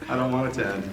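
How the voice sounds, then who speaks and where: A man giving an emotional farewell toast to a cast, halting and laughing between words, recorded from far off in an echoey room. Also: on the low side. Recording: echoey room recorded from afar, loud noise.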